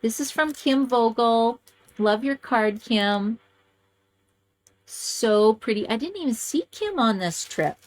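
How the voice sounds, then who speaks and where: A woman hosting a card-making video, chatting casually and gushing as she shows cards to the camera. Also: slow pace. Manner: gushing, chatty, lively swings in pitch.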